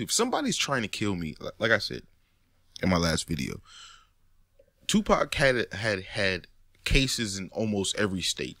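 A man talking in a casual monologue, animated and profane, often rising to near-shouts. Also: fairly low pitch, no echo, studio quality. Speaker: commentator.

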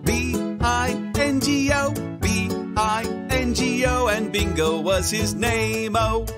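A woman voicing Mister Frog, a cheerful frog leading a children's sing-along and coaching the kids. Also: a little high. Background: children's music.

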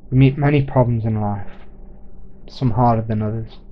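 A man voicing a calm, wise grown man who speaks slowly and reassuringly, in a dull lo-fi recording. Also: medium pitch, natural voice.

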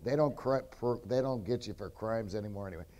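A man's voice: on the low side, fast talker, dark tone. A man telling his testimony on a convention stage, jokey and blunt, often cutting in with asides. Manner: jokey, keeps interrupting, blunt and rowdy. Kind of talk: rambling storytelling testimony. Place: convention stage before an audience.

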